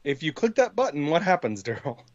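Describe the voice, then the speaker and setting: A man's voice: fairly high pitch, big pitch swings, a little fast, no room sound. Hesitant man on a dull, dry mic. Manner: hesitant, filler-heavy. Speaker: podcast co-host. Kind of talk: casual tech chat.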